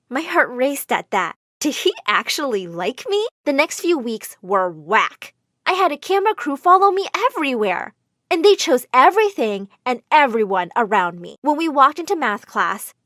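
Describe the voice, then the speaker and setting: A woman narrating an animated story in first person, expressive and dramatic. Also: sits high, moderate pace, no echo, clean studio sound.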